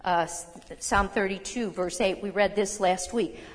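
A woman preaching a sermon in a conversational, emphatic way, with quick asides and self-corrections. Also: mid-range voice, steady tone. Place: church hall. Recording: long hall reverb.

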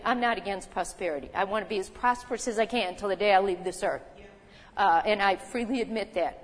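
A woman preaching a sermon, teaching in a conversational way and asking rhetorical questions. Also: medium pitch. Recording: long reverb of a hall.

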